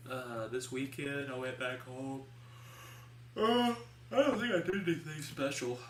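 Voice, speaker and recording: With a mid-range, slightly bright voice, a young podcast co-host chats casually, spinning rambling stories packed with fillers and "like." The roomy recording comes from a distant mic and has a faint hiss.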